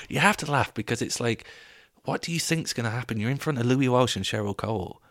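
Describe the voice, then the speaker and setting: A young man hosting a podcast, telling stories in a casual, animated, comedic way, swearing and laughing as he goes. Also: medium pitch, fairly quick, dry recording, studio quality. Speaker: podcast host.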